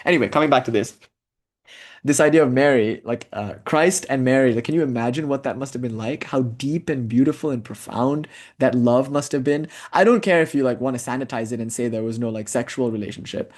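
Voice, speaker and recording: A man's voice: mid-range voice, brisk. A man giving an informal spiritual lecture, telling stories in a digressive way and filling his speech with "like". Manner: digressive storytelling, frequent "like" fillers.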